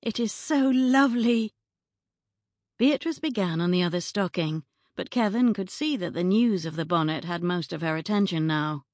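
A woman narrating an audiobook in a measured, even storytelling manner, recorded close on a studio mic. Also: on the low side, no room sound. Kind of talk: scripted narration.

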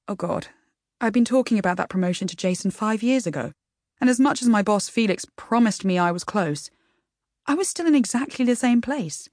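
A woman's voice: medium pitch, lively intonation, fairly quick, darkish tone, no room sound, clean studio sound. A woman narrating a first-person audiobook in a wry, self-deprecating storytelling manner.

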